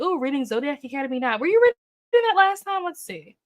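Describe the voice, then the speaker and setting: A woman's voice: high-pitched, sing-song, moderate pace, a bit bright. A woman hosting a casual book livestream, chatting with viewers, reacting to their comments with upbeat oohs and okays and thinking aloud with fillers. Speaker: booktube livestream host. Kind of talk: casual live chat with viewers.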